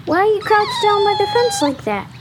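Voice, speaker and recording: A woman's voice: very high-pitched, wildly swooping pitch, moderate pace, heavy background noise, heavily acted. A woman voicing an earnest, kind-hearted young boy in a radio drama, talking expressively. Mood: worried.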